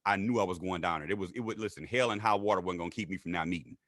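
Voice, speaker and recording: A man telling his story in a casual interview, animated and acting out what others said in raised voices. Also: racing, dry recording, clean studio sound. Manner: animated, acts out quotes in high voices. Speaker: guest.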